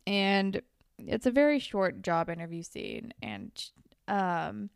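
A young woman chats through a show recap in a smooth, clear voice. The sound is dry and close, with no room around her. She talks loosely, swears freely and acts out the characters' lines. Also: medium pitch, very animated, takes it slowly, no echo. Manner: chatty, swears, acts out quotes. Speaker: podcast co-host. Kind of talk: casual recap chat.

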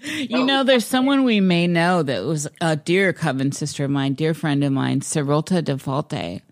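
A middle-aged woman hosting a casual chat, effusive and quick to laugh. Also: sits low. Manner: warm, effusive, laughs often. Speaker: host.

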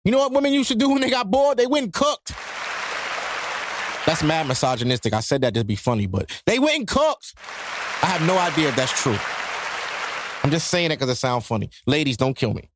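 A man's voice: on the high side, fast, a crowd in the background, noisy background. Profane, joking male podcast host. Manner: profane, joking, animated rants. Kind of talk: casual monologue.

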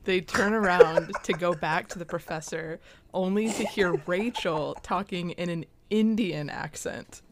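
A woman's voice: lowish voice, measured pace, very noisy. A young woman co-hosting a podcast, casually retelling a sitcom episode with lots of "like" and "um" fillers. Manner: chatty, frequent "like" and "um" fillers. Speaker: podcast co-host.

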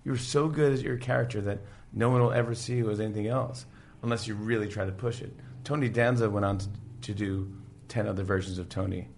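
A man chatting casually about an old sitcom, animated and acting out scenes in quick impressions. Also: on the low side, creaky, slight background noise. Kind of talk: casual chat.

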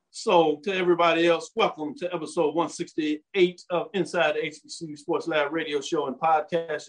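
A man with a slightly raised pitch hosts a sports talk radio show and podcast. He talks in an upbeat, chatty way with quick asides. His voice is recorded on a home studio mic. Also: poor audio. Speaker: host.

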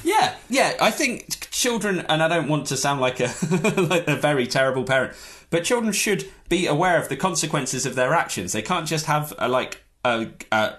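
A man in a casual chat, ranting in an animated, exaggerated comic way. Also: a little high, normal speed, hardly any pauses.

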